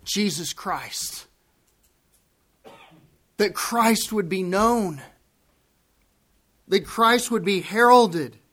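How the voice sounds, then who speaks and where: Slow, high-voiced male pastor preaching. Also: expressive, fairly bright tone. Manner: emphatic, deliberate, repeats key phrases. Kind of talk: sermon.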